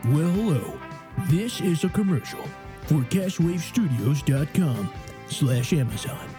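A man putting on the smooth voice of a male countdown radio host to read a mock commercial. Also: on the high side, animated, unhurried, music in the background. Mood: announcer-smooth.

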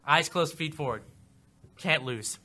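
A man's voice: a little high, a little slow. A young man co-hosting a podcast, chatting casually and laughing a lot as he makes Oscar picks. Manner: laughs a lot, animated, jokey. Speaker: podcast co-host. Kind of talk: casual chat, Oscar predictions.

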